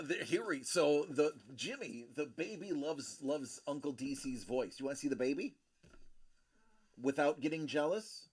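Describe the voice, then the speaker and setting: A man's voice: on the high side, lively intonation, moderate pace, darkish tone, slightly rough, no echo, clean studio sound. A man hosting a casual live stream, rambling and joking as he reads comments, often stopping and restarting. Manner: rambling, self-interrupting, joking. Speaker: collectibles live-stream host.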